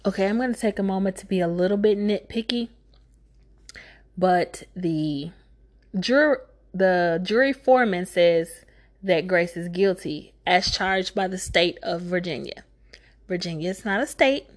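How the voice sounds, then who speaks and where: A woman recapping a movie in a casual, comedic way, talking fast, swearing freely, and making sarcastic asides. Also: fairly low pitch. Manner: profane, sarcastic, talks fast.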